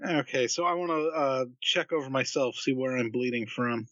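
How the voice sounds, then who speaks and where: A man's voice: medium pitch, moderate pace, a bit bright, dry recording, muffled recording. A man playing a tabletop game in casual, rambling speech that stumbles over words. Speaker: player.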